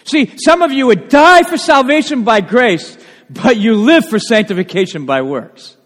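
A male pastor preaching a sermon, animated and full of rhetorical questions. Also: extremely high pitch, normal speed. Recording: long reverb of a church hall.

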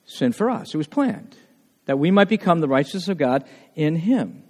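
High-voiced male preacher in a reverberant hall. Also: sing-song, normal speed. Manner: conversational, asks the congregation questions; grows loud and emphatic. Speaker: pastor. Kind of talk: sermon.

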